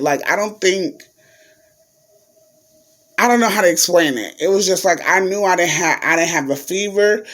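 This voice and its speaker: A man's voice: fairly high pitch, a bit bright. A man vlogging in a chatty, casual way, telling a story to his viewers and calling them y'all.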